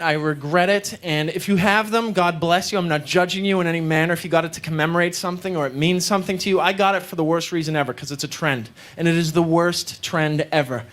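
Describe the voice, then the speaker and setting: High-voiced man doing stand-up. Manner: self-deprecating storytelling with deadpan asides. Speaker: stand-up comedian. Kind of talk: stand-up comedy set. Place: comedy club stage with live audience. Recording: live club recording, loud crowd and noise.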